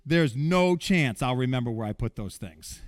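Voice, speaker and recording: A man preaching a sermon in an animated way, jumping between loud bursts and quiet asides. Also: medium pitch, moderate pace, dry recording, studio quality.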